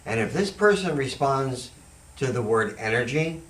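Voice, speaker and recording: A man's voice: mid-range voice, normal speed. A man, a psychic hosting a talk show, telling stories casually and acting out the voices in them. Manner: animated, acts out the voices in his stories. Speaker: host and psychic medium. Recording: echoey room, far from the mic, faint noise.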